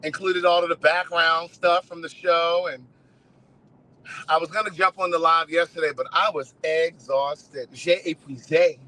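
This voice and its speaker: A man hosting a casual live stream, telling stories in an animated way and swearing freely. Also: on the high side, moderate pace, low-quality recording. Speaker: host.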